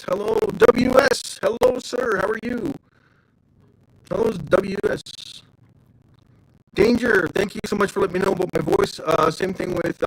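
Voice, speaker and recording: A man's voice: sits high, gravelly, rough recording. A man hosting a casual livestream, chatting loosely and greeting viewers by name. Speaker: livestream host.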